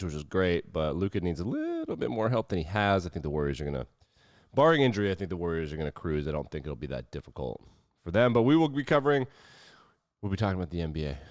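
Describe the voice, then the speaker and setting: A man's voice: sits low, no room sound, highs cut off. A man hosting a sports podcast alone, riffing casually and wryly on the latest games and reading out statements with mocking asides. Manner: loose, wry, riffing with mock quotes. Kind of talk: casual solo sports commentary.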